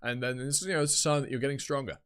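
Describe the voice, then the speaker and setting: Rambling, swearing streamer. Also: male voice, mid-range voice, rapid-fire, fairly bright tone, smooth. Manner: casual, rambling, swears freely. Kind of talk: live reaction stream, reading a webtoon aloud.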